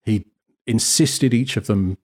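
A British man telling a lively, self-deprecating story as a guest photographer in a casual interview. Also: lowish voice, slow, slightly rough. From Britain. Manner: animated, self-deprecating, acts out quotes.

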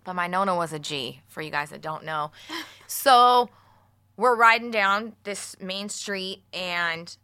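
Bright-voiced profane woman telling a story. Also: lowish voice, slow pace, clean tone. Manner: animated, profane, laughing storyteller. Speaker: podcast co-host. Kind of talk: casual storytelling chat. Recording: studio mic, radio show.

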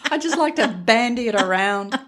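Sarcastic woman with husky voice. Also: on the high side, lively intonation, normal speed, a bit bright. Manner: sarcastic, teasing. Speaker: podcast co-host. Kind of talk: casual chat.

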